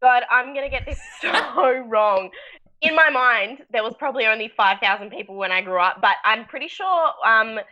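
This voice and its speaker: A woman's voice: fairly high pitch, expressive, normal speed, bright, forceful tone, muffled recording. A young woman from Tasmania with an Australian accent, a bubbly, giggly guest on a casual video-call chat. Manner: bubbly, giggly, self-mocking.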